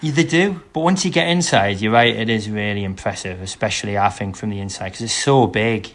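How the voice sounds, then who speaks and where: A young man from England, a podcast guest, telling football travel stories in a relaxed, chatty way. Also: lowish voice, brisk. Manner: chatty storytelling, acting out quoted voices. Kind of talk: casual chat.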